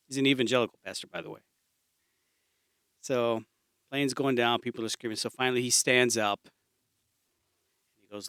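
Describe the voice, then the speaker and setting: A man's voice: medium pitch, steady tone, fairly quick, pauses often, fairly bright tone, smooth, dry recording, studio quality. A man co-hosting a casual podcast, telling a long joke in a rambling way and laughing at it himself. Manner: rambling storyteller, laughs at own jokes. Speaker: podcast co-host.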